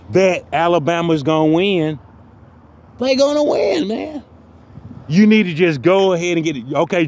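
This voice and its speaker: A man's voice: on the high side, a little hiss or hum. A man delivering a profane, mock-motivational comic rant that loops back on the same phrases. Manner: mock-motivational, repeats phrases, heavy cursing.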